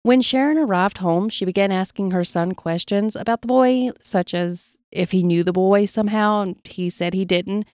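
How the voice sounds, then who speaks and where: Woman calmly reading spooky stories. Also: medium pitch, normal speed, few pauses, no room sound, studio quality. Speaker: podcast co-host telling stories. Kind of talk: casual storytelling podcast.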